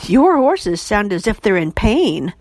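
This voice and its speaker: A woman's voice: mid-range voice, sing-song, unhurried, dry recording. A woman voicing a kind, cheerful woman schoolteacher who sounds friendly and encouraging. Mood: amused.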